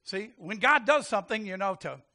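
A male pastor preaching with a high, bright voice that leaps up and down in pitch. He is animated and laughs easily, and he keeps turning to the congregation with questions. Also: brisk. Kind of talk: sermon.

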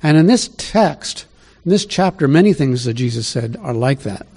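A male pastor teaches from scripture in a relaxed, conversational sermon, often stopping to ask his listeners questions. His voice has a dark, mellow tone at a mid pitch. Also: normal speed, slightly rough.

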